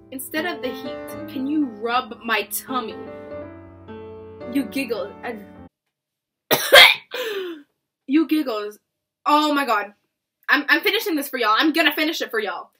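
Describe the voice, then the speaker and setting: A woman's voice: high voice, bright, forceful tone, husky. Young female YouTuber, dramatic and shrieky, reads fan fiction over background music. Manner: dramatic, shrieking and laughing in disbelief. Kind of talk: reading fan fiction aloud with reactions.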